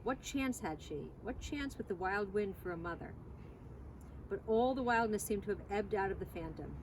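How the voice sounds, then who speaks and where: A woman reading a children's novel aloud with expressive, animated delivery, outdoors at a barn. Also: mid-range voice, moderate pace. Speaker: reader. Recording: distant mic, loud outdoor noise. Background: outdoor noise and passing vehicles.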